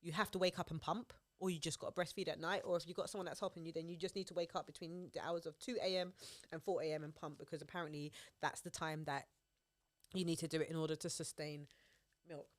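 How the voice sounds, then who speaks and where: A woman's voice: low-pitched, fast talker, no room sound. A young woman, chatting on a podcast and telling stories with lots of laughter. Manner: animated storytelling, laughs often. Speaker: podcast co-host. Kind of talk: casual chat.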